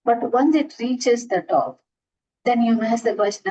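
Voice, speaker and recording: A woman's voice: mid-range voice, normal speed, highs cut off, noisy background. A woman teaching astrology in an earnest lecture, restarting and repeating herself often as she explains. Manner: earnest, repetitive, frequent restarts. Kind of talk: classroom lecture.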